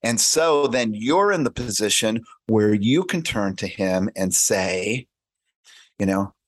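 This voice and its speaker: A man's voice: on the low side, expressive, slow pace. A man speaking as a podcast guest, giving earnest, conversational advice and acting out short exchanges to make his point. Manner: earnest, explains by acting out little dialogues.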